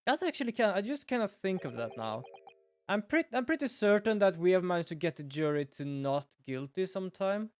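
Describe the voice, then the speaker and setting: A man commenting excitably and profanely on a game playthrough. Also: high voice, brisk, clean tone, dry recording. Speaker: streamer.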